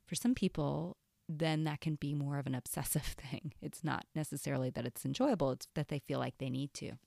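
Low creaky-voiced woman coaching. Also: fairly even intonation, brisk, warm tone, no room sound, clean studio sound. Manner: earnest, repeats "right?" often. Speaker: self-care coach. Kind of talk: teaching talk to students.

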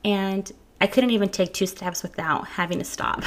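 Early in the morning at home, a young woman tells her viewers a personal story, candid and frank, swearing freely and often restarting sentences with little laughs. Her voice is medium-pitched and her pace moderate.

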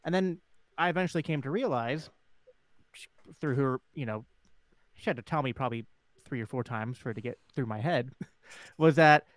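A man's voice: mid-range voice, moderate pace, pauses often, no echo. Earnest, reflective man in casual chat. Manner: earnest, reflective, many restarts. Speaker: podcast co-host.

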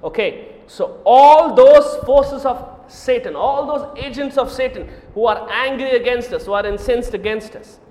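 A man preaching a sermon, swinging from loud, emphatic declarations to quiet, low asides and repeating Scripture phrases for emphasis. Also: unhurried, hardly any pauses. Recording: echoey hall, roomy reverb.

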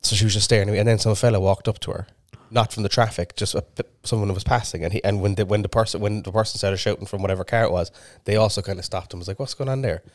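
A man's voice: lowish voice, fairly even intonation, rapid-fire, hardly any pauses, no echo. A man, co-hosting a podcast and telling a long sweary story in casual chat. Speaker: podcast co-host.

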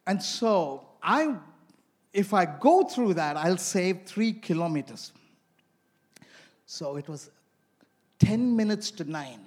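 A man from India preaches, his voice sitting notably high. He builds his sermon around personal stories and keeps asking the congregation whether they are with him. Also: sing-song, slow, pauses often, a little mellow. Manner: storytelling, questioning the congregation.

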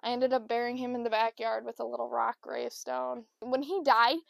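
A young woman telling comic stories about her pets, lively and swearing, acting out what people said. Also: a little high, a little fast, vocal fry, no room sound, studio quality. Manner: animated, swearing, acts out quotes with big swings in loudness. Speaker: storyteller. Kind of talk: comedic storytelling monologue.

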